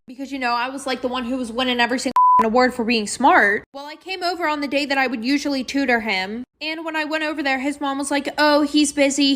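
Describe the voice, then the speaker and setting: A young woman tells a personal story in a chatty, dramatic way. Her voice sits high, and she adds sarcastic asides. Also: a bit bright. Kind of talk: storytime narration.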